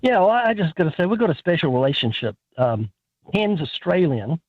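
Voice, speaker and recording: A man with a New Zealand accent, a guest author telling lively, joking stories in a radio interview over the phone. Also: a little high, a little fast, no room sound. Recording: tinny phone line.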